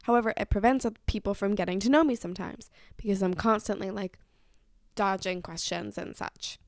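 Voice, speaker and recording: A woman's voice: mid-range voice, a little fast, no echo. Young woman rambling about her dates, lots of likes and swearing, dry close mic. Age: young adult. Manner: chatty, swears a lot, giggly. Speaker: vlogger. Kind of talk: casual storytelling.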